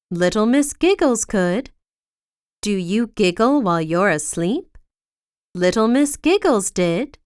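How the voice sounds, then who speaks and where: A woman reading a children's storybook aloud in a slow, expressive way, with big swings for effect, on a close mic. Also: medium pitch, clear, resonant tone, no echo.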